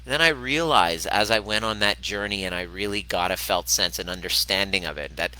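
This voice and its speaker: A man with a fairly low voice talks on a casual livestream. His tone is sharp and forceful, and he speaks candidly, swears freely and repeats himself for emphasis. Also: brisk, poor audio. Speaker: host of a livestream on self-love and healing.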